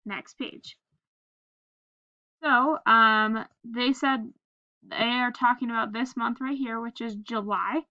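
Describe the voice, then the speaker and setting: Woman teacher, phonics lesson, very slow and patient, slightly high voice, dry dull recording. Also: fairly even intonation, bright, forceful tone, dry recording. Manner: patient, spells letters out and prompts replies. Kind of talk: phonics lesson, reading aloud slowly.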